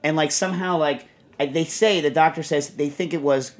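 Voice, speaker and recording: A middle-aged man hosting a casual chat show, telling stories in a rambling, animated way with lots of fillers. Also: fairly high pitch, fairly quick, soft background music. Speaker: podcast host.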